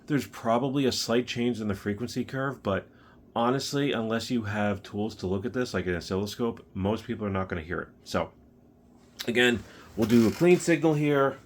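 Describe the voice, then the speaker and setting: Low-voiced man casually demoing a guitar pedal. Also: fairly quick, a little hiss or hum. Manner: relaxed, rambling, with fillers and restarts. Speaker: pedal builder demoing his pedal. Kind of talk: casual demo talk.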